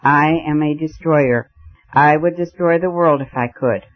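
A man's voice: fairly high pitch, a little slow, lightly acted. A man reading the part of a bitter, defiant male anarchist in fierce, accusing declamation, on a muffled lo-fi recording. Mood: restrained menace.

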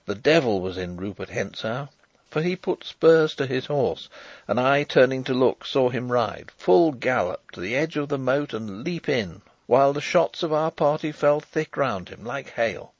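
A man's voice: medium pitch, expressive, normal speed, dry recording. Man narrating a novel aloud, dry sound. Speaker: audiobook narrator.

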